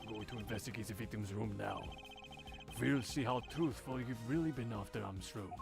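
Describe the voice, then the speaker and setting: A man's voice: fairly low pitch, moderate pace, creaky, music in the background, voice pushed down. A man voicing a stern, formal prosecutor with a sardonic edge in a fan game dub. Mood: cool sardonic. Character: haughty stern male prosecutor.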